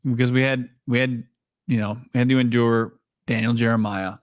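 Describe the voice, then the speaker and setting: A man's voice: mid-range voice, steady tone, moderate pace, dry recording, clean studio sound. A man co-hosting a casual sports podcast, joking and teasing his partner, laughing often. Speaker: podcast co-host.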